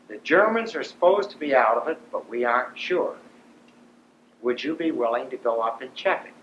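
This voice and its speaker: A man doing a calm partisan interpreter. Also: mid-range voice, moderate pace, slight background noise, close to an everyday voice. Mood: cautious. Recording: roomy dull lo-fi recording.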